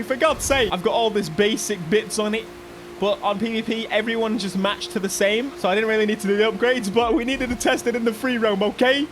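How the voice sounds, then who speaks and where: A man with an English accent giving excitable live commentary on a racing game, often yelping and shouting. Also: sits high, fairly quick, background noise. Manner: excitable, bursts into yelps and shouts. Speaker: gaming YouTuber.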